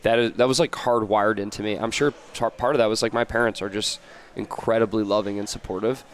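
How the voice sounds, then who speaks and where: A man's voice: on the low side, steady tone, brisk, slight background noise. A man from the United States, a podcast guest, talking in a casual, rambling way with many fillers and restarts. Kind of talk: casual interview chat.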